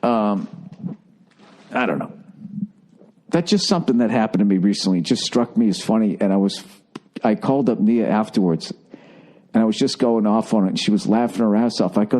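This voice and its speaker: A man's voice: on the low side, lively intonation, fairly quick, pauses often, warm tone. A middle-aged man with an American Boston accent, hosting a solo podcast and ranting in an exasperated, profane way with stammered restarts. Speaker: podcast host.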